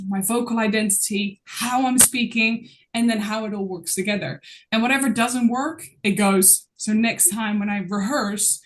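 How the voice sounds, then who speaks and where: A woman guest talking as a public speaking coach in a casual interview, expressive and laughing often as she speaks. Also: medium pitch, slight background noise.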